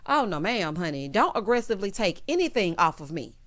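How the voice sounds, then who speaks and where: A woman with a mid-pitched voice recaps reality TV in a storytelling way, sassy and animated. She calls out red flags with exclamations and acts out what people said. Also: fairly quick. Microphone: voice-over without camera.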